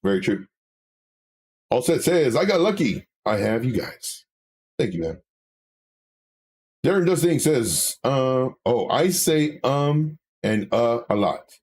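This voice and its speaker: Animated husky-voiced man chatting on a live stream. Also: mid-range voice, takes it slowly, long pauses. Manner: animated, candid, with filler words and self-corrections. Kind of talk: casual live-stream chat reading comments.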